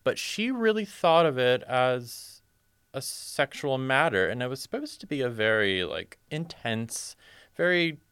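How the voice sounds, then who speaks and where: A young adult man co-hosting a podcast, telling a story in an expressive, playful way. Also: mid-range voice, a little slow, clean tone, no echo, studio quality. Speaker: podcast co-host. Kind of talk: casual podcast chat.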